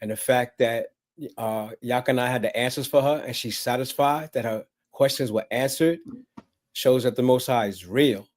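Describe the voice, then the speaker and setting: A man's voice: mid-range voice, normal speed. A man giving closing remarks in a prayerful, invoking manner. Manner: prayerful, invocational. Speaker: guest.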